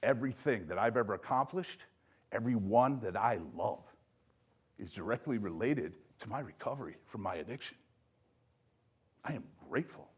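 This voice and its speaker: An older man giving a motivational speech, emphatic, with loud punchy lines that drop to soft, low asides. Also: lively intonation, moderate pace, pauses often, husky. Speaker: speaker at a recovery event.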